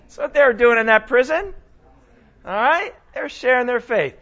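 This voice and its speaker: A man teaching a Bible lesson in a casual, animated sermon style, often asking his listeners questions. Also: very high voice, normal speed, dull audio. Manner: animated, conversational, asks the audience questions.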